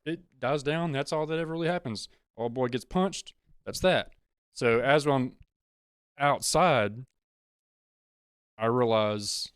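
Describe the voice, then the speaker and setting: Blunt, profane man with a smooth voice. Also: mid-range voice, no echo, clean studio sound. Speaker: podcast host and session drummer. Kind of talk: casual storytelling monologue.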